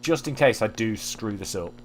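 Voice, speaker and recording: A man's voice: lowish voice, expressive, moderate pace, slight background noise. Rambling, self-deprecating male game streamer. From Manchester area, England. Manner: self-deprecating, swears freely, thinks aloud. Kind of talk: casual rambling commentary while gaming.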